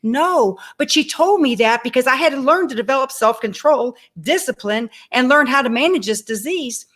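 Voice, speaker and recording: A woman in her sixties tells her own life story as a guest on an interview show. Her voice sits a little high, and she keeps acting out the dialogue. She turns to speak straight to her listeners. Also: moderate pace. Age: 60s. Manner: animated, acts out dialogue in her stories; addresses the audience directly. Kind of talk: personal storytelling.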